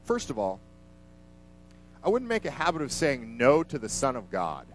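A man's voice: medium pitch, wildly swooping pitch, moderate pace, soft background music, low-quality recording. A man preaching a sermon in a conversational, emphatic way, vividly retelling a scripture passage.

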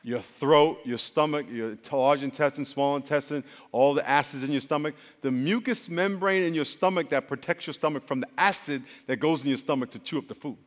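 A man preaching a sermon as pastor, animated and leading call-and-response with the congregation. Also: on the high side, a little fast, few pauses. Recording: long hall reverb.

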